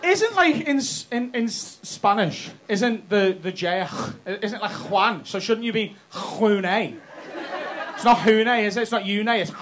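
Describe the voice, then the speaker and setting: Brash high-voiced Liverpool comic. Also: male voice, expressive, measured pace, a bit bright, a faint crowd. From Liverpool, England. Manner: brash, sweary, teasing banter. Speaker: stand-up comedian. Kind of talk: stand-up crowd work. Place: comedy club stage. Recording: live club with audience noise.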